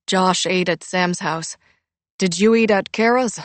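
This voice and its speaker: A cheerful, teasing middle-aged father, read by a woman narrating an audiobook, a little louder than the narration. He sounds easygoing and friendly, and the recording is dry and close. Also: fairly low pitch, unhurried, dry recording, lightly acted.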